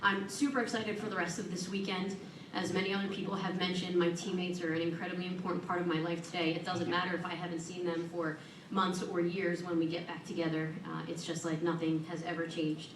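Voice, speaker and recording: Woman thanking folks at an awards thing, kinda low voice, far from the mic, faint room hum. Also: level tone, a little fast, hardly any pauses, roomy sound. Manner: earnest and warm, with self-deprecating humor. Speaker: hall of fame inductee giving acceptance speech. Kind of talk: prepared acceptance speech. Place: large event hall at an awards ceremony.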